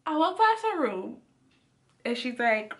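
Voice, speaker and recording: A young adult woman telling a story to her viewers in a chatty, animated way. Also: on the high side, measured pace. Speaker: vlogger. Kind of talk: casual storytime.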